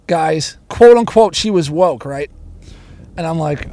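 A man's voice: a little high, expressive, a little fast, darkish tone, a little hiss or hum. A man hosting a podcast, ranting heatedly in casual talk, swearing constantly and stumbling over restarts. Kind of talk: casual profane rant.

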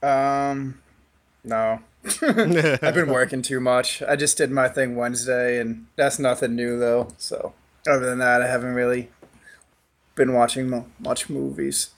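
A man's voice: medium pitch, fairly even intonation, a little slow. A man on a podcast, talking in a laid-back, hesitant casual way. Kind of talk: casual chat.

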